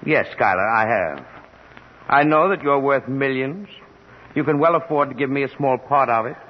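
A man playing a smooth debonair liar. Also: medium pitch, normal speed, natural voice. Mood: pleading. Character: smooth, debonair man who lies for money. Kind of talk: 1940s radio acting. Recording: dull old radio recording, echoey, breathy.

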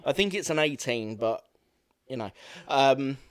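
A young man co-hosting a film podcast, talking in a rambling, halting way with many fillers. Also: medium pitch, expressive, clean tone, no room sound, clean studio sound. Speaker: podcast co-host. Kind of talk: casual film chat.

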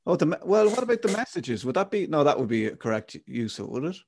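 A man's voice: a little high, very animated, fast talker, vocal fry, a little mellow, a little hiss or hum. A man hosting a casual podcast chat, teasing and laughing easily. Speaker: podcast host.

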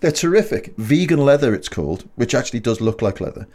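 A British man co-hosting a podcast, playing up an enthusiastic, jokey salesman's pitch. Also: sing-song, fast, a little mellow. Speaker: podcast co-host. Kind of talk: casual chat and host-read promo.

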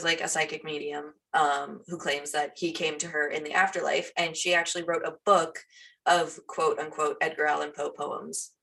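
A woman's voice: low-pitched, vocal fry, fairly bright tone, far from the mic. A woman co-hosting a podcast in casual chat, chatty with many fillers. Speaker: podcast co-host.

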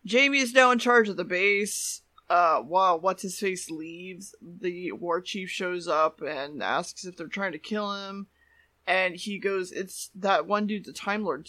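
A man casually rambling through an episode plot summary as a podcast co-host, his phrases trailing off low. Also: sharp tone, dry recording. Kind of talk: casual recap chat.

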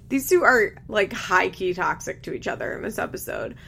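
A woman's voice: medium pitch, very animated, moderate pace, gravelly, pushed and bright, husky. A young woman chatting casually as she recaps a reality show, candid, laughing often and swearing freely. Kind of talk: casual chat.

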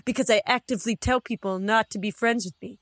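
A woman's voice: a little high, fast talker, dry recording, lightly acted. A woman voicing a blunt, cheerful goblin in a comedy sketch, matter-of-fact and giggly. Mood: upbeat. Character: blunt cheerful goblin roommate, proud of scaring people.

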